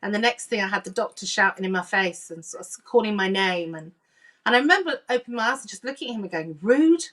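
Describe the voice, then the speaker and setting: A woman, a medium and coach, telling a deeply personal story in an earnest, emotional way and acting out remembered dialogue. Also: lively intonation, fast, pushed and bright, distant mic.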